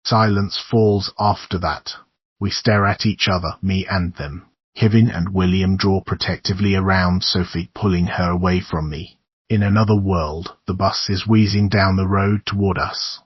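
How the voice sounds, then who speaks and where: A man's voice: low-pitched, husky, dry recording, highs cut off. A man narrating a horror audiobook, reading intensely and dramatically in the first person.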